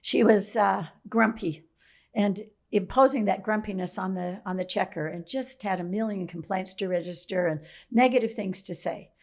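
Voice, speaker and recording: A woman guest in a conversation, telling stories in a reflective, musing way, often clearing her throat. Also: medium pitch, moderate pace, darkish tone.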